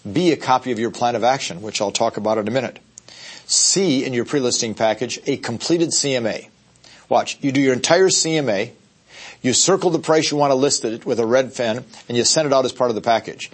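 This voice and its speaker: A man's voice: medium pitch, fairly quick, husky. A man training real estate agents in a seminar, talking emphatically and checking in with the audience. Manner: acts out short quoted voices. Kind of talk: seminar talk.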